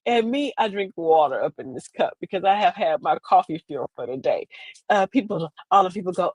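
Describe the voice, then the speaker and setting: A woman's voice: fairly low pitch, lively intonation, a little fast, darkish tone, breathy edge, no room sound. A woman, hosting a streamed show in a sassy, rambling comedic monologue. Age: 50s. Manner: chatty, sassy, rambling with repeated phrases.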